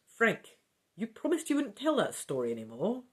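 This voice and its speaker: A woman voicing a practical, brisk female hotel manager. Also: medium pitch, huge pitch swings.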